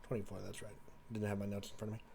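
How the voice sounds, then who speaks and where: A man voicing a stern male prison warden who speaks low, clipped and formal. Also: completely flat delivery, very fast, vocal fry, mellow, husky.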